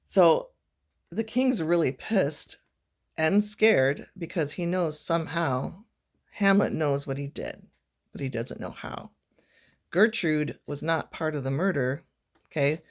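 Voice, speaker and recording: Woman, teacher, casual recorded lesson, chatty, informal, lots of fillers and self-corrections. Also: deep voice.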